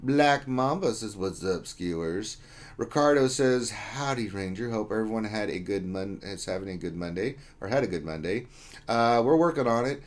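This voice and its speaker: A man's voice: lowish voice, animated, normal speed. A man hosting a casual livestream, reading out chat names and greetings in a loose, joking way. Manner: reads chat names aloud, jokey and loose. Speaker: livestream host.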